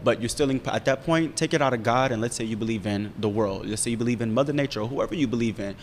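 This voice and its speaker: A young man in casual chat, candidly telling a story, profane and animated as he talks. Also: fast. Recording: roomy reverb with faint rumble.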